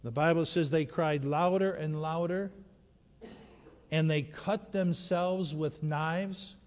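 High-voiced preacher in a reverberant hall. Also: male voice, steady tone, slow pace. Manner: dramatic storytelling, swinging from shouts to hushed tones. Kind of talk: sermon. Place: church sanctuary. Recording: long reverb of a large hall.

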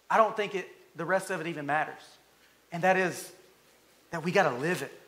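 A man with a noticeably high voice delivers a sermon in an earnest, emphatic way. He drives his points home by repeating phrases and leaning hard on key words. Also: a bit bright. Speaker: pastor.

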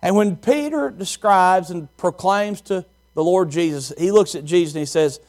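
A man's voice: sits high, normal speed, few pauses, a little mellow. A man preaching a sermon as pastor, repeating phrases and asking the congregation questions.

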